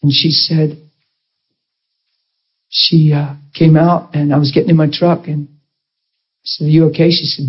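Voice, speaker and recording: In a storytelling sermon, a man preaches to a congregation, emotionally telling a story and acting out the voices of the people in it. His voice is on the high side and slightly rough, with a flat, unhurried delivery and frequent pauses, and the highs are cut off.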